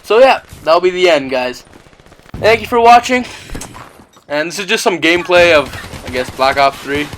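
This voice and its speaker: A man's voice: sits high, expressive, normal speed, fairly bright tone, slight background noise. A young man telling a story in a casual, rambling way, full of 'like' and 'you know'. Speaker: vlogger. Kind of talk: casual story-time chat.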